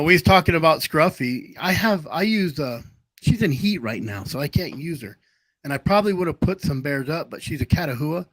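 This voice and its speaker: A man's voice: a little high, fairly bright tone, dry recording, poor audio. Rambling storytelling man, dry sound. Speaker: livestream host. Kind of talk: casual chat.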